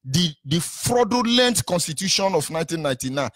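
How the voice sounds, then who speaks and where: A man's voice: a little high, sing-song, brisk, a bit bright, no echo. A man with a Nigerian accent hosting a call-in talk show, speaking in an impassioned, preachy, rallying way. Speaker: radio talk show host.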